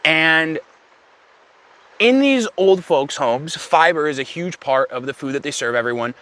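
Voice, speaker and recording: A young man telling a comedic story in a rambling, deadpan way, with self-aware asides. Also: a little high, a little slow.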